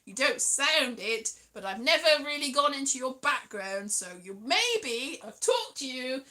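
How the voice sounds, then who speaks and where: A woman's voice: sits high, big pitch swings, unhurried. A woman from Wales chatting casually with her livestream viewers, rambling and playful, breaking into sing-song now and then. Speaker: streamer. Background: loud piano music.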